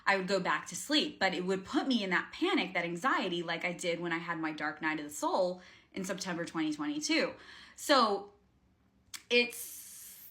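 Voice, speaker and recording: Her voice is fairly low, pushed and bright, with lively intonation at a moderate pace. As a spiritual coach in a casual talking-to-camera vlog, she speaks earnestly but rambles, with lots of fillers and restarts.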